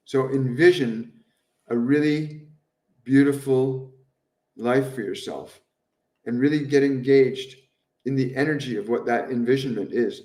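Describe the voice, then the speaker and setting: A man hosting a live stream as a spiritual medium, answering viewers' questions in a gentle, earnest way and repeating phrases over and over for emphasis. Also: mid-range voice, a little slow, far from the mic. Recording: roomy echo, voice somewhat off-mic.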